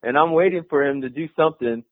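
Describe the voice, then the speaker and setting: Young male caller, swearing storyteller, slightly high voice, phone-line sound. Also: quick pace, no room sound. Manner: profane, animated, acts out voices. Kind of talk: casual storytelling. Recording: tinny phone-line radio call.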